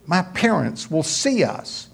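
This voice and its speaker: A man voicing a nervous young woman who pleads in a high, strained voice while telling a joke in a sermon. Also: very animated, takes it slowly, creaky, husky, heavily acted. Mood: alarmed. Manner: pleading, high-pitched protests.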